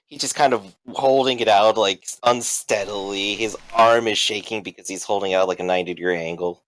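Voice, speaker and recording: A man running a tabletop game as game master, talking in a relaxed, hesitant way. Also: fairly low pitch, brisk, slight background noise, poor audio.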